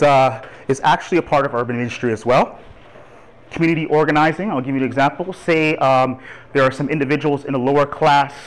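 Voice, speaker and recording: A man in his thirties from Toronto gives a lively, chatty church talk on urban ministry and laughs along with the congregation. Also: mid-range voice, low-quality recording. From Toronto, Canada. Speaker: guest speaker on urban ministry.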